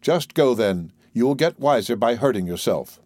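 A man's voice: medium pitch, animated, moderate pace, a little mellow, no echo, close to an everyday voice. Man reading the part of a stern dad in a fairy tale, curt, dry sound. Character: stern father, dismissive.

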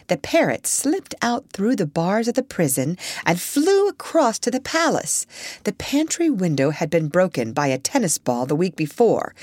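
A woman reading a children's story aloud in an expressive way. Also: lowish voice, no echo, clean studio sound.

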